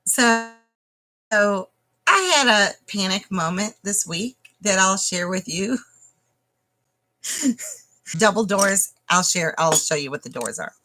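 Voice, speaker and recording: A woman's voice: medium pitch, lively intonation, slow, pauses often, sharp tone, low-quality recording. A woman homestead vlogger telling a dramatic story casually to the camera, speaking directly to her viewers.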